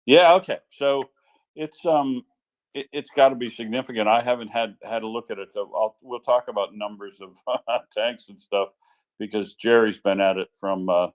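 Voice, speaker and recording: A man's voice: lowish voice, steady tone, moderate pace, poor audio. A man co-hosting an online audio chat, wry and rambling, trailing off mid-thought. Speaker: co-host and analyst. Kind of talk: casual chat.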